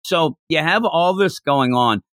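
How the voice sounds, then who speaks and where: A man hosting a casual podcast chat, animated and slipping into little acted-out lines. His voice sits at a middle pitch with a lively, swinging melody. The recording is close and dry. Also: unhurried, dry recording. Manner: animated, acts out characters' lines in quotes. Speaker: podcast host.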